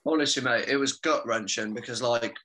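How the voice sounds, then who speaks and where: A man's voice: mid-range voice, fairly quick, bright, forceful tone. A man talking informally as a podcast guest, casually tossing in "mate" and "man" between phrases. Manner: informal, calls the listener mate constantly. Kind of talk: casual conversation.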